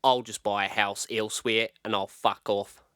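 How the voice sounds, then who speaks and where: A man's voice: fairly low pitch, steady tone, moderate pace, fairly bright tone, clean tone, no room sound, clean studio sound, lightly acted. A man doing a foul-mouthed Aussie film star. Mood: ranting. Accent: Australian. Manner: foul-mouthed, keeps saying mate. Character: crude, arrogant male Australian film star. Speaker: interview guest. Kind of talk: comedy radio sketch.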